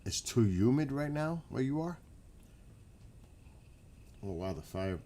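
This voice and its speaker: Outside his house late at night, the livestreamer with a New York accent keeps up a laid-back, wandering chat with viewers, his medium-pitched voice unhurried.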